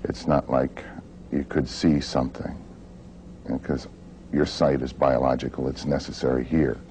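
A man recounting a near-death experience in a halting way, with frequent hesitations. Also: rumbling low, little pitch movement, a little mellow, slight background noise, poor audio. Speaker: interviewee.

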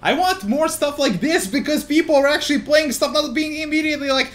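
A young man giving excited gameplay commentary as a card-game YouTuber, swinging between loud hype yells and muttered thinking aloud, swearing casually and laughing often. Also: very high voice, moderate pace, few pauses. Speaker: gaming YouTuber.

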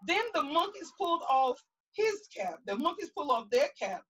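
Animated high-voiced woman reading aloud. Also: moderate pace, poor audio. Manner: animated, asks children questions. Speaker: pastor reading to young children. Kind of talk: children's read-aloud. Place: outdoors.

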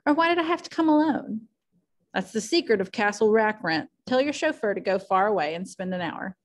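A woman voicing a charming young society woman, her voice raised high and rippling with excitement. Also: fairly quick, lightly acted. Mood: teasing. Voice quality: rippling, exhilarated.

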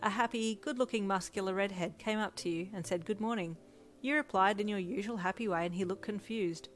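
A woman reading a second-person fanfiction story aloud in an even storytelling manner. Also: medium pitch, fairly quick. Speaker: fanfic reader.

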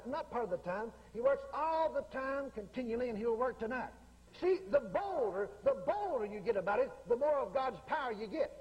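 High, bold revival preacher with echo. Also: male voice. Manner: bold, emphatic, repeating phrases. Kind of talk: revival sermon. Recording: echoey hall with long reverb.

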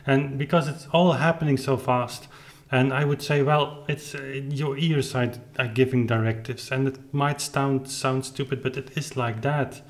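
Between faint passages on the clavichord, a player talks through his interpretation, reflective and searching for words as he demonstrates. He speaks at medium pitch, steady in tone and a little slow.

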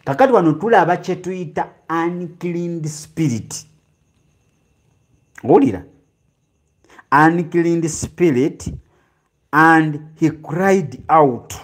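A man with a Ugandan accent preaching a teaching sermon, drawing out key phrases slowly and then rushing ahead. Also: a little high.

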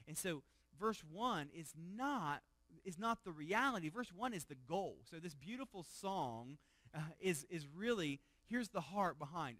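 Higher-pitched pastor preaching a sermon. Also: male voice, dry recording. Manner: conversational, repeats words, asks the room questions; swings from loud emphasis to hushed low tones.

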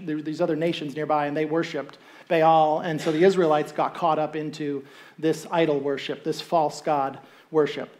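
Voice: medium pitch, a little mellow. Conversational preacher giving a sermon. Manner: conversational, acts out voices of the people in the story; checks in with listeners with rhetorical asks. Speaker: pastor. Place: church sanctuary.

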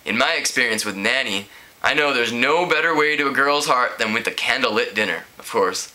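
A man voices an earnest, nerdy high school boy who talks without noticing the mood around him. The voice is very bright. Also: animated, fairly quick, rough recording. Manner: earnest, oblivious.

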